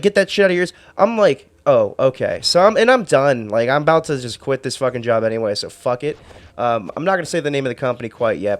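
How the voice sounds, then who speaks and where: A man vents about his job in a loose, rambling storytime rant, cursing and restarting sentences as he gets worked up. His voice sits a little high, and the sound is dry and close. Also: no room sound. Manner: exasperated, profane, rambling with restarts. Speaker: vlogger. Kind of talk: casual ranting storytime.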